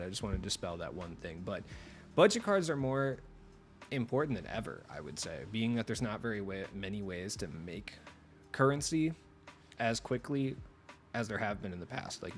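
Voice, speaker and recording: A man's voice: on the low side, a little hiss or hum. A young man hosting a gaming video, talking loosely and casually with asides and fillers. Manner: joking opener in a mock radio voice, then loose rambling talk. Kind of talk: casual commentary.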